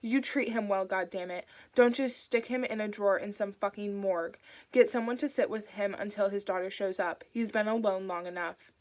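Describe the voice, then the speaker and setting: A woman voicing a tough, injured woman on the run, speaking in urgent, clipped, forceful lines for an audiobook. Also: medium pitch, moderate pace, close to an everyday voice.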